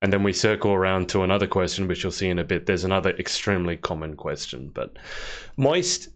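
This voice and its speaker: A man hosting a live interview, asking quick questions and making playful asides. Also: sits low. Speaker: podcast host, interviewer. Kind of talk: casual interview chat.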